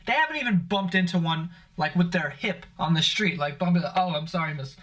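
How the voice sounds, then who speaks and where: High, bright-voiced ranting young man. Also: lively intonation, a little fast. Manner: profane, exasperated ranting. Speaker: vlog host. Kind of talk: comedic rant to camera.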